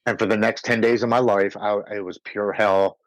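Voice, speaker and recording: A man's voice: on the low side, fairly even intonation, moderate pace, no room sound, poor audio. An American man, a podcast guest, telling his recovery story in an earnest, emotional way, sometimes repeating words as he goes. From United States. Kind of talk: personal recovery story told in conversation.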